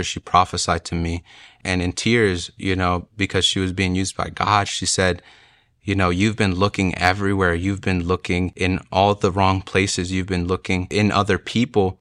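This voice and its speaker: A young man with a deep voice and a bright, forward edge shares his personal testimony. He speaks earnestly, with feeling, recorded close in a dry space. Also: no echo. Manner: earnest, emotional storytelling.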